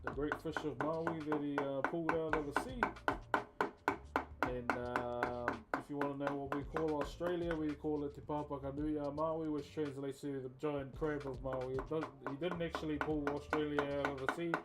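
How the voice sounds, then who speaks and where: A relaxed young man with a New Zealand accent chats to his livestream audience through a headset, calling out names and places. His voice sits on the high side, and clear music plays in the background. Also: normal speed. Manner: relaxed, chatty, reads out chat. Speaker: live streamer. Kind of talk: casual livestream chat.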